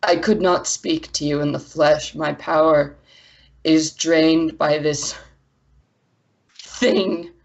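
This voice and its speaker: A woman's voice: low voice, fairly even intonation, takes it slowly, pauses often, exaggerated voice. Woman voicing a proud, pleading ancient water spirit. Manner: pleading, breathy and choked. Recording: dull lo-fi audio.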